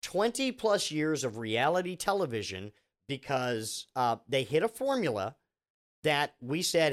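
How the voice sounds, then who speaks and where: A man's voice: a little high, lively intonation, a little slow. A man delivering a rambling, sarcastic comedic rant, full of restarts and asides.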